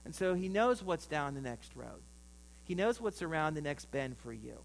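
A pastor preaching a sermon, telling a story and acting out the voices in it. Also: male voice, a little high, big pitch swings, normal speed, gravelly, slight background noise, poor audio.

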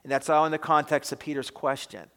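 A male pastor preaching a sermon with emphatic delivery, swinging between loud stresses and quiet drops, recorded with an echoey hall reverb. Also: fairly high pitch, flat delivery, quick pace.

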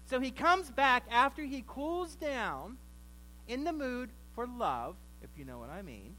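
A man's voice: extremely high pitch, sing-song, unhurried, pushed and bright, slight background noise, rough recording. A man preaching a sermon, retelling a story conversationally with wry asides.

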